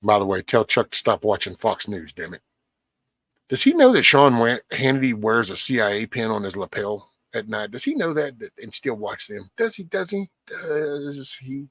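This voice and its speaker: A man's voice: fairly low pitch, very animated, moderate pace, fairly bright tone, dry recording, clean studio sound. A man hosting a casual livestream, rambling bluntly with lots of cussing and a preachy edge. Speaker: livestream host.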